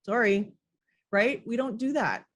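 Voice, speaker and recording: A woman's voice: mid-range voice, expressive, normal speed. A woman parenting coach speaking earnestly and with animation in an interview, often acting out how she talks to children. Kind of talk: interview conversation.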